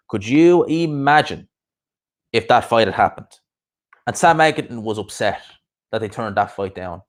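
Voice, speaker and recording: A young man, chatting casually and rambling on a live stream as its host. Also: medium pitch. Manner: rambling, chatty, quick asides and laughs. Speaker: YouTube boxing streamer.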